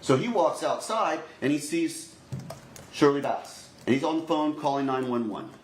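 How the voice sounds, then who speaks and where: A man's voice: on the high side, animated. Man giving an opening statement in an echoey courtroom. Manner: deliberate, repeatedly addressing the jury directly. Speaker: prosecutor. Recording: echoey courtroom recording, faint noise.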